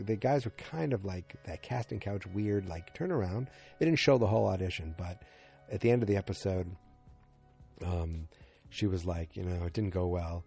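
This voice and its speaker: A man with a low, dark voice hosts a fan podcast, recapping an episode in a loose, rambling way. He acts out quotes and uses lots of filler words.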